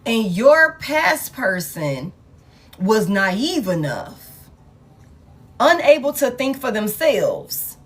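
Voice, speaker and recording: Husky-voiced woman giving a live tarot reading, blunt and fed up, swears a lot, repeats herself. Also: fairly high pitch, big pitch swings, drawn-out words. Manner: blunt, exasperated, swearing, repeats phrases for emphasis. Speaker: tarot reader.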